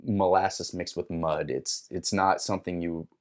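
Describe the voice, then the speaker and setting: A man with a fairly low voice tells a personal story as a podcast guest. He talks casually and with energy, acting out what he said along the way. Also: measured pace. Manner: animated, acts out his own quotes.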